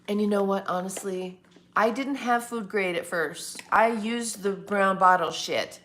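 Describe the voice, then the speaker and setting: A woman's voice: mid-range voice, measured pace, fairly bright tone. A woman hosting a casual morning livestream from home, rambling and chatting back to viewers' comments. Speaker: livestream host. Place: home, indoors.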